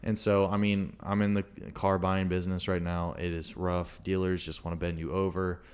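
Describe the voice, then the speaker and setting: A man's voice: sits low, moderate pace, clean tone. A young man co-hosting a podcast, telling a long story in casual chat with lots of restarts. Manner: rambling, animated storytelling with frequent restarts. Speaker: podcast co-host.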